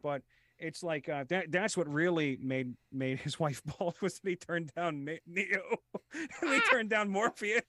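A young man with a high, bright-pitched voice tumbles through improvised comedy, laughing and restarting his sentences as he jumps between impressions. The sound is close and dry, with no room around it. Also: no room sound. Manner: rapid impressions, giggly, stammering restarts. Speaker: podcast guest.

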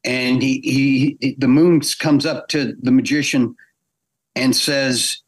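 A middle-aged man telling a long, lively anecdote as a guest in a podcast interview, acting out the voices of the people he quotes. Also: medium pitch, slow. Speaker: guest animator.

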